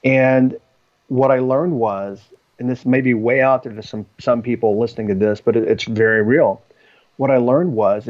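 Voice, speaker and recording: Male podcast guest, rambling storyteller, lots of ums and restarts, medium pitch, slightly muffled lo-fi sound. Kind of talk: storytelling in conversation. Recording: slightly dull lo-fi audio.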